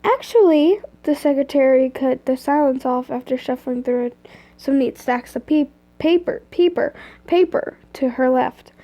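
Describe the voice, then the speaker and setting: Young woman reading fanfic on a stream, high mellow voice, trips on words a lot. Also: fairly even intonation, measured pace. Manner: casual, stumbles and breaks off into asides. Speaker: reader. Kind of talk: reading fan fiction aloud on a live stream. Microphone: phone or computer mic.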